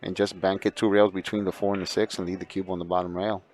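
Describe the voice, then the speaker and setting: A man's voice: low-pitched, flat delivery, fast, a little mellow, slight background noise. A man giving explanatory color commentary on a billiards match, breaking down shots.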